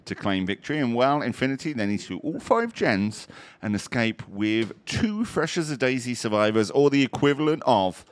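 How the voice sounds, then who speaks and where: A man's voice: medium pitch, animated, normal speed, hardly any pauses. A man hosting and casting a tournament live, giving play-by-play with irreverent jokes and banter. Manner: jokey, irreverent, with playful banter. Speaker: esports tournament caster and host.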